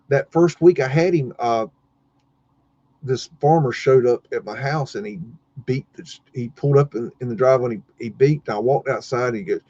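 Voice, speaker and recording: A man's voice: mid-range voice, warm tone, no echo, lo-fi sound. A man hosting a livestream, telling a story casually and rambling with many fillers and restarts. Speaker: livestream host.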